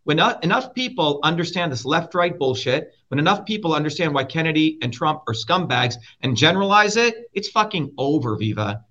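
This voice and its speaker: A man's voice: fairly high pitch, big pitch swings, a little fast, few pauses, sharp tone. Combative, profane man on a muffled line. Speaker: guest, political candidate. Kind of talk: heated interview talk. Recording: muffled lo-fi sound.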